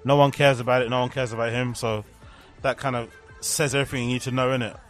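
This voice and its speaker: A man's voice: mid-range voice, steady tone, fast talker. Young guy, loose slangy commentary, swears a lot, faint music underneath. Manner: candid, slangy, swears freely. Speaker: podcast host. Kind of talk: casual live reaction commentary.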